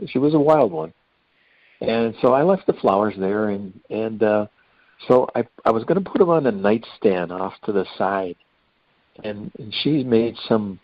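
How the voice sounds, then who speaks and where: Low-voiced older man telling stories. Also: no echo. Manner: folksy, rambling storyteller. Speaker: hospice volunteer guest. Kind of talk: anecdotal storytelling in an interview. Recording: dull lo-fi dry recording.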